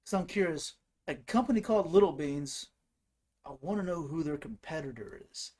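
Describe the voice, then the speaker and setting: A man's voice: a little high, lively intonation, moderate pace, a little mellow. A man hosting his own channel, telling rambling comic stories in a casual way, laughing at his own jokes. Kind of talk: casual comedic storytelling.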